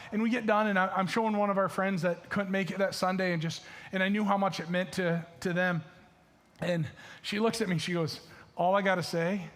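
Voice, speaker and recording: A man's voice: high-pitched, a bit bright. A male pastor with a Michigan accent preaching a sermon in a casual, chatty way, full of fillers and restarts. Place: church stage.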